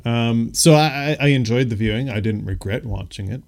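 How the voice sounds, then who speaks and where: A man co-hosting a casual film podcast, laid-back with quick, easy replies. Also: medium pitch. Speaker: podcast co-host.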